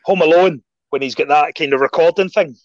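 A Scottish man with a fairly high voice tells animated stories and repeats his phrases for emphasis. He speaks as a guest in a casual chat. The sound is dry and a little muffled and lo-fi. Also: a little fast, no echo. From Scotland.

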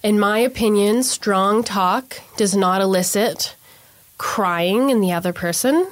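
A young adult woman with a mid-range voice speaks slowly as she gives an interviewer a personal account of her experience. She recounts events earnestly and acts out what people said, and the recording has no echo.

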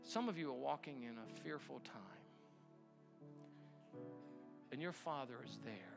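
A middle-aged male pastor preaching a sermon, swinging from hushed near-whispers to loud, near-shouted passages. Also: medium pitch, vocal fry.

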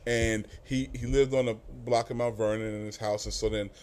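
A man's voice: medium pitch, little pitch movement, brisk, darkish tone, smooth. Middle-aged New man spinning stories. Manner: loose, profane, full of fillers and restarts. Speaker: music industry guest. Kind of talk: casual storytelling interview.

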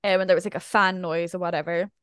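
A woman's voice: lowish voice, fairly even intonation, fast, a bit bright, clean tone, no room sound, studio quality. A young adult woman, co-hosting a casual podcast and telling a story in a chatty way, acting out what people said. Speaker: podcast co-host. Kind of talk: casual chat.

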